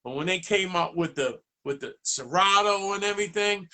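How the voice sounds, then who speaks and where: A man tells stories as a DJ guest in a relaxed interview. His voice sits a bit high and bright, and it jumps up when he plays out other people's lines. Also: moderate pace. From Boston, USA. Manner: animated, acts out dialogue in raised voice. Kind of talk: casual storytelling interview.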